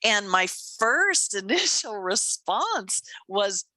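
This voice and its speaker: Bright, animated woman podcast host. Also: medium pitch, slow, no room sound. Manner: animated storytelling, acts out quoted thoughts, laughs often. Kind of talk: casual chat.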